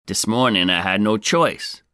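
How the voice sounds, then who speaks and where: A man's voice: fairly low pitch, expressive, a little slow, bright, forceful tone, clear, resonant tone, dry recording, clean studio sound. A man voicing a fed-up woman customer reading out her complaint review in an aggrieved, indignant tone.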